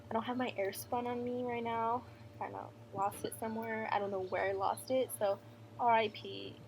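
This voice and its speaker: Young woman doing a makeup voiceover, gravelly fry in her voice, says like a lot, faint hiss behind. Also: mid-range voice. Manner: chatty, full of "like" fillers. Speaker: beauty vlogger. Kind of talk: casual makeup voice-over chat.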